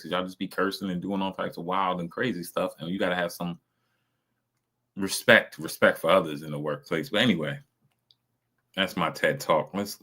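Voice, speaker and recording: A man's voice: low-pitched, sharp tone. A man, talking over videos on a casual stream. He is blunt and profane, and he rambles from point to point.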